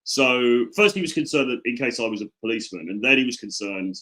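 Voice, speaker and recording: Fast-talking man, deadpan. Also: mid-range voice, poor audio. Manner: rambling anecdotes full of restarts and deadpan asides. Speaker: podcast co-host. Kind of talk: casual podcast chat.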